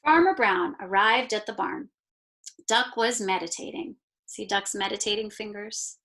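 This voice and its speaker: Slow, expressive woman teacher reading aloud. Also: mid-range voice. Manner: slow, expressive reading that pauses to point out pictures. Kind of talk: read-aloud storytime.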